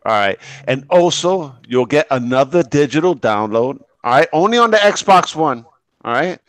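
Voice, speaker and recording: A man's voice: fairly high pitch, expressive, normal speed, no room sound. A man from Puerto Rico on a gaming podcast panel, emphatic and swearing, asking "all right?" often. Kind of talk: casual panel chat.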